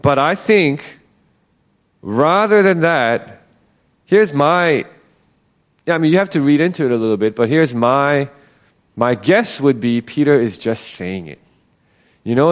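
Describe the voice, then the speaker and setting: A man with a fairly high voice leads a relaxed Bible teaching. His pitch rises and falls a great deal as he talks it through. He keeps it chatty and acts out the quoted lines.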